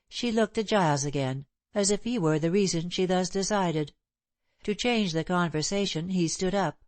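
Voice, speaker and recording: A woman narrating a novel as an audiobook in a measured, even way. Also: on the low side, no echo. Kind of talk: scripted narration.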